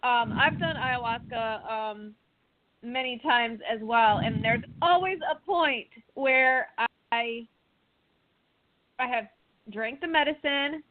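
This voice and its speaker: A woman hosting a talk show in casual chat, telling stories with animated acted-out reactions. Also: fairly high pitch, slow. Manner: animated storyteller, acts out her own panicked thoughts. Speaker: podcast host. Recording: dry phone-like line.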